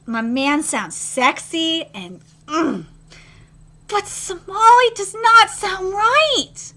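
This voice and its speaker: A young woman reacting live to an anime episode, excitable and swearing freely, jumping from loud squeals to low grumbles. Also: very slow.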